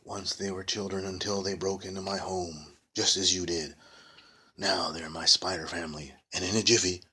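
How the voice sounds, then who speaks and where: A man's voice: steady tone, moderate pace, bright, forceful tone, husky, full character voice. A man voicing a mean old female witch in a storybook reading, with a cracked, screeching voice. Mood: gloating. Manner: shrill and bossy.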